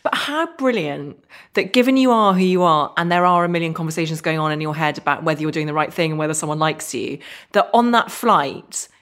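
A woman hosting a podcast, asking questions in a measured, thoughtful way. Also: low voice, a bit bright. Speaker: podcast host. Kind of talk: interview questions.

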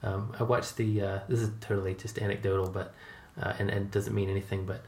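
A man's voice: lowish voice, little pitch movement, fairly quick, darkish tone. Chatty American man, roomy sound. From United States. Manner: chatty, rambling, laughs often. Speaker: host. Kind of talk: casual conversational interview.

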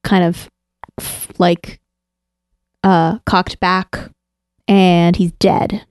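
A woman's voice: fairly low pitch, flat delivery, very slow, clear, resonant tone, dry recording. Laughing woman podcasting, dry close mic. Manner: chatty, laughs often, skeptical. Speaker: podcast co-host. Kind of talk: casual chat.

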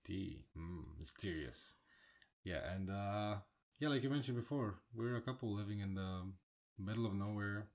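A man in his thirties with a Polish accent, co-hosting a casual podcast chat in a laid-back way, often trailing off quietly. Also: lowish voice, moderate pace. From Poland. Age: 30s. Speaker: podcast co-host.

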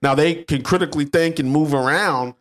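A man's voice: a little high, a little fast. A man co-hosting a podcast, chatting casually about sales and acting out quoted salespeople. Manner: animated, acts out quoted salespeople. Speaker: podcast co-host. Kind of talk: casual business chat.

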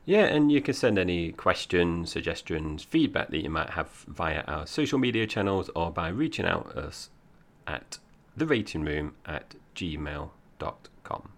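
A man's voice: sits low, sing-song, measured pace, fairly bright tone. A man in his forties from Essex, with a slight Cockney accent, co-hosting a film podcast in rambling casual chat. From Essex, England. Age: 40s. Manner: chatty, rambling, laughs often. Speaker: podcast co-host.

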